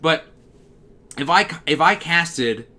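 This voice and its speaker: A man with a bass-baritone voice, casually chatting on a livestream and answering messages from chat. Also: expressive, takes it slowly, sharp tone. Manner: talkative, answers chat messages as they come in. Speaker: livestream host.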